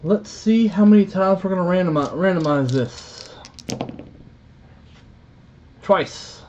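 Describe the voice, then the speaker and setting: Southern man, unhurried card-break host, easygoing and joking, lo-fi stream sound. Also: high voice, slight background noise. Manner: relaxed, joking, chatty. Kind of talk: casual live stream commentary. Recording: dull lo-fi stream audio.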